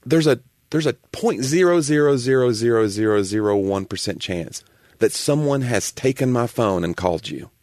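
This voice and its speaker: Animated Southern man ranting. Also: medium pitch, moderate pace, no echo, clean studio sound. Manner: animated, ranting, builds to exasperated. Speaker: comedian and podcast host. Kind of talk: casual chat.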